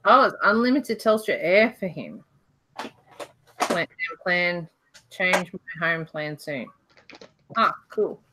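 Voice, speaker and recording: An Australian woman hosts a casual livestream from her home couch, chatty and laughing often as she reads out viewer questions. Her voice is on the low side with lively intonation, a slow pace, and long pauses, and there's background noise.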